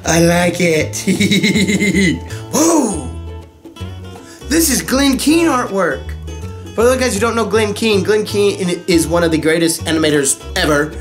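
A young man, a voice impressionist, excitedly reading fan mail in a casual way. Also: fairly high pitch, a little slow. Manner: excitable, animated, swings to emotional. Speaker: voice impressionist YouTuber. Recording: music bed underneath.

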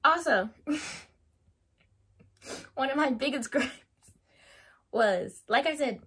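A woman talking straight to her viewers in a loose, chatty vlog, her voice sitting a little higher than most. She is animated and laughs often, peppering her sentences with fillers as she goes. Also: extremely slow. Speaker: YouTuber reviewing a TV show. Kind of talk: casual opinion vlog.

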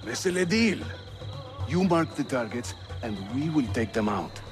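An actor playing a teasing, dry-humored older assassin mentor in a video game. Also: male voice, medium pitch, lively intonation, moderate pace, faint music behind, natural voice.

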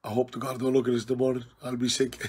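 A tipsy man with an Irish accent on a live stream, loudly teasing and challenging an old friend in rowdy banter. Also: mid-range voice, breathy edge. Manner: loud, jokey, challenging and teasing. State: tipsy from drinking.

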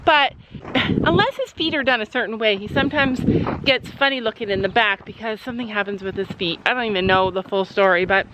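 A woman's voice: mid-range voice, a little fast, noisy background. A woman chatting upbeat to camera in a casual vlog while walking outdoors on a farm, laughing often. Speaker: vlogger, mother. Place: outdoors on a farm, walking through woods and fields.

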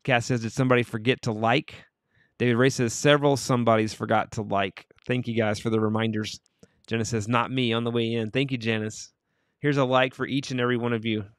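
A man's voice: medium pitch, clean tone, dry recording, studio quality. A man hosting a cheerful morning livestream, reading viewers' comments aloud and blessing them. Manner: cheerful, upbeat greetings, warm blessings to viewers. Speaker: livestream host.

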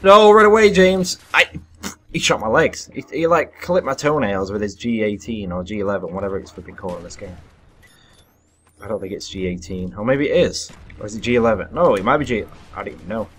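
A young man giving live commentary over his own gameplay, excitable and self-deprecating, breaking into sudden loud yelps. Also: fairly low pitch, fast talker, slight background noise. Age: young adult. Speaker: gaming commentator.

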